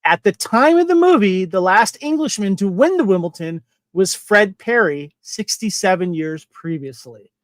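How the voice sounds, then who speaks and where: A chatty man hosts a relaxed movie podcast, his voice sitting high for a man. He reads trivia aloud and laughs easily, and the sound is dry and close with no room around it. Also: normal speed, few pauses, no room sound. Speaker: podcast host. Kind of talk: casual movie podcast chat.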